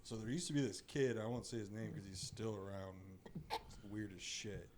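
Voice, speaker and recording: A young adult man telling a story as a guest in a casual podcast chat. He is profane and mocking, swinging between mutters and loud bursts. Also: lowish voice, normal speed. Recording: loud background noise.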